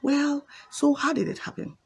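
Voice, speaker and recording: A woman voicing a clever, cunning tortoise in a spoken fable, calm and slyly questioning. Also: sits high, moderate pace, vocal fry, voice pushed up.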